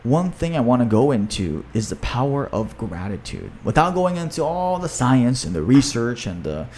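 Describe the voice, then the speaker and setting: A man's voice: mid-range voice, sing-song, normal speed, darkish tone, a little hiss or hum. A man hosting a podcast in a casual, enthusiastic talk, often adding "you know" and "right?". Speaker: podcast host and author.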